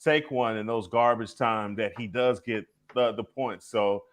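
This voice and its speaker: A man's voice: lowish voice, steady tone, a little slow. A man from a team's media staff, talking in an easygoing way on a fan panel. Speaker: guest from team media staff. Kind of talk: casual panel chat.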